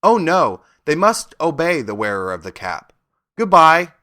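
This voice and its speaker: A man voicing a tiny, kindly queen of the mice, with a squeaky little voice. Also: big pitch swings, unhurried, sharp tone, exaggerated voice. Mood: cheery.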